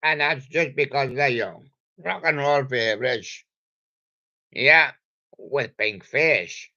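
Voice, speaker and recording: Slow, gravelly older man. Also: medium pitch, bright, forceful tone, dull audio. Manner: playful, jokey and meandering, talks to himself. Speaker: vlogger. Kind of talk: rambling solo monologue.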